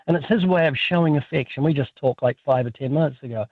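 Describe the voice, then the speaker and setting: A man with a New Zealand accent, a guest author telling lively, joking stories in a radio interview over the phone. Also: on the high side, fast talker, slightly rough, dry recording. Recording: tinny phone line.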